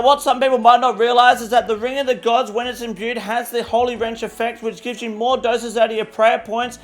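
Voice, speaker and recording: A man voicing a brash, loud male market-report anchor in a mock news segment, ranting and swearing with cocky confidence. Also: very high voice, pitched above the performer's own voice.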